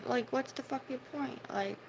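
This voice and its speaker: A woman's voice: sits high, moderate pace, gravelly, a little hiss or hum, rough recording. A woman livestreaming, ranting heatedly at her viewers' comments and swearing as she scolds them. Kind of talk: livestream rant at chat.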